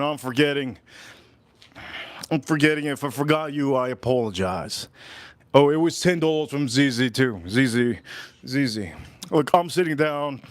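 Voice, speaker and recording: This is a relaxed livestream where a man with a slightly high voice talks to his audience, lingering on words and saying phrases over and over in a teasing, unhurried manner. Sound is captured close and dry, without any room ambience.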